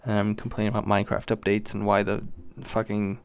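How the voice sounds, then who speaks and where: A man's voice: lowish voice, completely flat delivery, brisk, clean tone. A young British man hosting a solo podcast, rambling casually with lots of swearing and self-mockery. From Britain. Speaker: podcast host.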